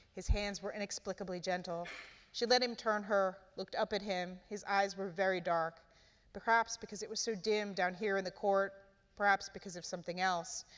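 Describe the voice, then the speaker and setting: A woman author reading her novel aloud at a live event, with steady, expressive narration. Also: mid-range voice. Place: event hall. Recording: echoey hall, live event.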